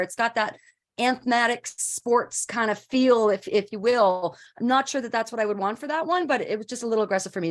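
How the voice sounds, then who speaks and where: A woman's voice: on the high side, fairly bright tone. A woman judging a voice-over contest, giving chatty, encouraging live feedback with fillers. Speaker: judge on a voice-over competition.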